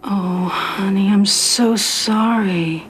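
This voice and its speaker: An actress playing a comforting wife who speaks softly on the phone in a scripted drama. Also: female voice, mid-range voice, moderate pace, music in the background, lightly acted, poor audio. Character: warm-hearted wife on the phone.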